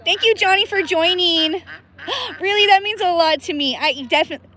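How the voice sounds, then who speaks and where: Giggly high-voiced woman live-streaming. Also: a little fast, bright, forceful tone. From Pacific Northwest of the US. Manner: chatty, giggly, addresses viewers by name. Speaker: livestream host. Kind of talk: casual live-stream chat. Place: outdoors in a river.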